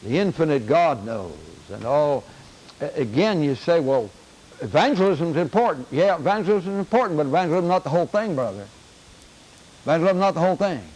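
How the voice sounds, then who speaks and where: A man's voice: fairly high pitch, expressive, brisk, a little mellow, rough recording. An older man teaching a Bible class in an earnest lecture, often repeating key phrases for emphasis.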